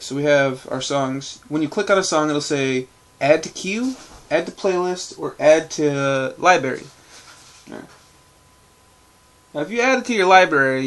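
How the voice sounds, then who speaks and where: A man's voice: fairly high pitch, a bit bright. A man rambling casually to camera at home in a loose, profane vlog, full of fillers and restarts. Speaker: vlogger. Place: at home indoors.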